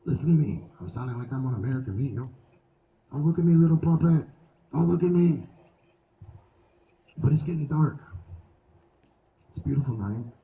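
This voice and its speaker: A man's voice: mid-range voice, moderate pace, long pauses, roomy sound, far from the mic, highs cut off, slight background noise. A man performing a live stand-up set outdoors, crude and profane, telling stories with lots of swearing. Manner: crude, profane, animated storytelling. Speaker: stand-up comedian. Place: outdoor show venue.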